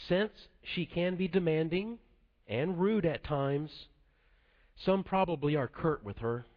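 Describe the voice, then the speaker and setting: A man preaching a sermon in a measured, earnest way to a congregation. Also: high-pitched. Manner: measured, earnest delivery dropping soft at the close. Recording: dull lo-fi sound.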